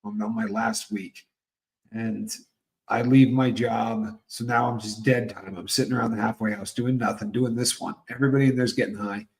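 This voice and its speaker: Animated male host telling anecdotes. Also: fairly low pitch, normal speed, poor audio. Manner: animated, acts out quoted dialogue. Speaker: podcast host. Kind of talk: casual conversational storytelling.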